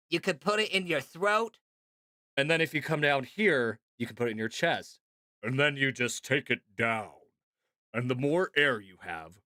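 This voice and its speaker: A man streaming casually to his chat, talking in an animated, chatty way with lots of fillers and laughs. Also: fairly high pitch, no echo, clean studio sound. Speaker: streamer and voice actor.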